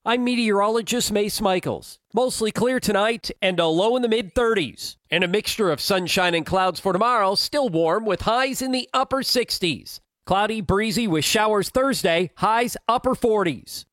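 A meteorologist, a man, reading a brisk radio weather forecast. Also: high-pitched, a bit bright, dry recording.

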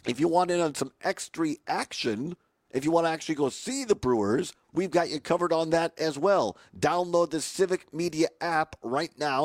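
A hoarse man with a raspy voice, hosting a live radio talk show on location, chatty and upbeat with many fillers and restarts. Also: a little high, no room sound. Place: remote location broadcast.

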